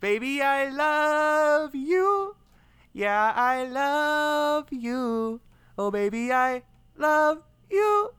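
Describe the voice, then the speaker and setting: A man voicing a smarmy rich man crooning a slow, sappy marriage proposal. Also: extremely high pitch, animated, fairly bright tone, pitched above the performer's own voice, full character voice.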